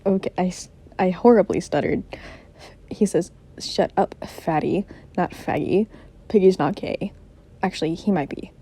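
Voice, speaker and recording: A woman's voice: on the low side, moderate pace, pauses often, mellow, slightly rough. Chatty teen girl rambling. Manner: rambling, jokey, full of "like". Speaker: student doing a book summary. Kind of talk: casual chat.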